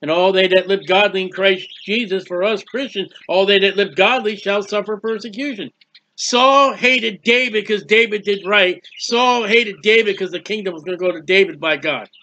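A man's voice: high voice, normal speed, pushed and bright, highs cut off. A man giving a conversational Bible teaching, emphatic and acting out quoted prayers and speeches.

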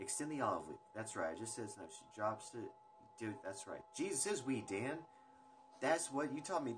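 Speaking at a fairly quick clip, this young livestream host has a medium-pitched voice with lively intonation. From indoors at home, over a phone stream, he rambles from topic to topic with his viewers, dropping the occasional swear word while music plays behind him.

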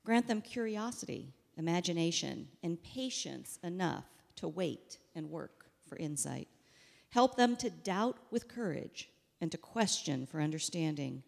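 A woman leading a congregation in a steady, reverent pastoral prayer. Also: lowish voice, a little slow, vocal fry, big-room sound. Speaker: worship leader leading prayer.

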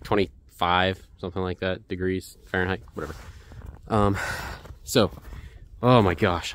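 Excitable man vlogging on a cold trail. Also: on the low side, a little hiss or hum. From United States. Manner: excitable, gushing, repeats himself. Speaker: hiking photography vlogger. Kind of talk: excited vlog narration while hiking. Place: outdoors on a cold snowy mountain trail.

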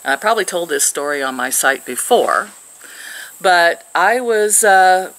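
Older lady vlogging outdoors, low-ish voice with a bright edge, rambly storyteller. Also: unhurried, low-quality recording. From Missouri. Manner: chatty and rambling, laughs often. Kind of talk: casual storytelling to camera. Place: outdoors, sitting in the sun.

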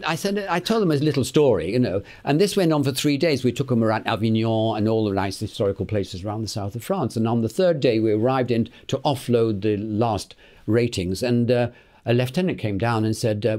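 A man's voice: lowish voice, brisk. Elderly British man telling anecdotes. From Britain. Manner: lively raconteur, acts out the voices in his anecdotes, chuckling, repeats words. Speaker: actor, interview guest. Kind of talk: anecdotal interview storytelling.

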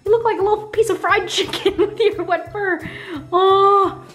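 A woman's voice: extremely high pitch, fairly even intonation, normal speed, a bit bright, soft background music. A woman vlogging in a bubbly, casual way who often coos at her puppy. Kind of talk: casual vlog chat.

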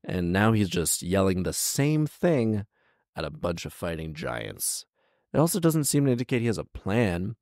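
A man's voice: low-pitched, sing-song, normal speed, darkish tone, dry recording, clean studio sound. A man reading a fairy tale aloud with sarcastic, exasperated comedic commentary. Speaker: storyteller and podcast host.

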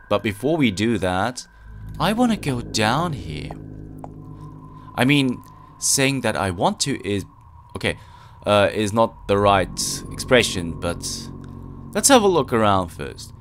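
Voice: mid-range voice, sing-song, slow pace, fairly bright tone, slight background noise. A let's play gamer giving casual gameplay commentary, easily spooked and full of nervous exclamations.

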